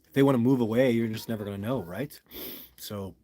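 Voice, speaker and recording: A man hosts a casual live stream at home and reads viewer comments aloud. He rambles with easygoing enthusiasm and often addresses the listener directly. His voice sits at an ordinary middle pitch. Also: brisk, mellow. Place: at home with a dog nearby.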